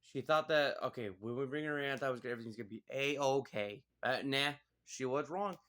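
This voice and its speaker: In an easygoing movie review, a man rambles on, leaning heavily on "like" and "you know." He talks briskly, his mid-pitched voice fairly bright.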